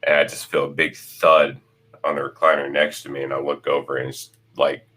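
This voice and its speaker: A man's voice: extremely low pitch, level tone, a little fast, bright, forceful tone, slightly rough. A man co-hosting a podcast in casual chat, telling stories with laughter and swearing. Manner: storytelling, laughing, profane. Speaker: podcast co-host.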